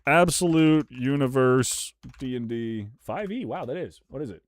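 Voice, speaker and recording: A man's voice: animated, moderate pace, no room sound. A male streamer in casual chat with his viewers, rowdy, jokey and profane, bursting into rants. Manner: rowdy, profane and jokey, ranting with pitch jumps.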